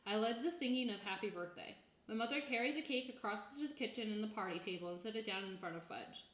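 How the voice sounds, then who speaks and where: A woman reading a children's book aloud in an even, plain storytelling manner. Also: medium pitch, fast. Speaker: reader. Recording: echoey room.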